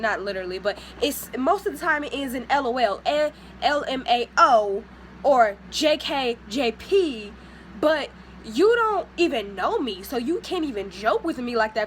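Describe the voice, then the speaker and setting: A young woman vlogger telling a casual story, animated and sassy, mimicking the people she talks about. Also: a little high, slight background noise.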